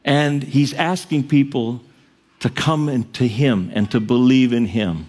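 A man preaching a sermon as pastor, earnest and direct, rising to loud cries on the quoted verses. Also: mid-range voice, unhurried.

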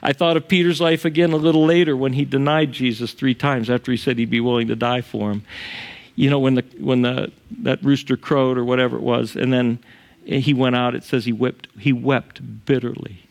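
A man's voice: mid-range voice, steady tone, a little fast, creaky. A middle-aged male pastor preaching a sermon in a conversational way, chuckling often and acting out the quotes he tells.

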